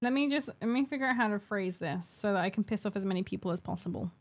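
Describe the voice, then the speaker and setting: A woman's voice: medium pitch, lively intonation, fast. A young adult woman chatting casually with her live-stream chat while painting miniatures, giggling and bantering playfully.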